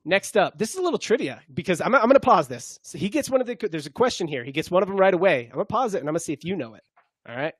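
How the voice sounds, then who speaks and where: A man's voice: high voice, sing-song, racing, husky, no room sound. A man co-hosting a sports podcast, chatting casually in a jokey, rambling way. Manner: jokey, rambling, slips into mock accents. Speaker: podcast co-host.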